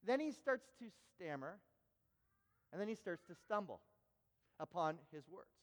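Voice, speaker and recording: A man preaching a sermon in a church, telling an animated story with stammered restarts. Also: high voice, a little slow, in a large hall. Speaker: pastor. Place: church sanctuary.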